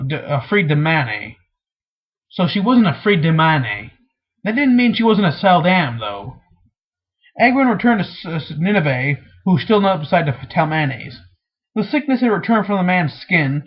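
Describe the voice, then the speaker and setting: A man reads a fantasy novel aloud, tripping over words and starting sentences again. His voice is husky, fairly high and lively in pitch. The recording is dull and lo-fi. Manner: stumbles and restarts often. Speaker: reader.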